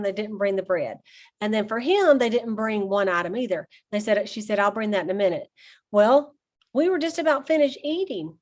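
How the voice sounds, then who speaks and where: A woman, casually talking to her sales team on a call, chatty and full of stories, laughing often. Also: mid-range voice. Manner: chatty storyteller, addresses listeners as y'all, laughs often.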